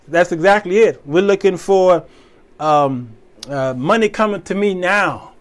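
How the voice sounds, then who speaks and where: A man's voice: sits high, a little slow. A man hosting his own show, giving informal, folksy, preacher-style commentary and laughing between points. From American Midwest. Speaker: show host.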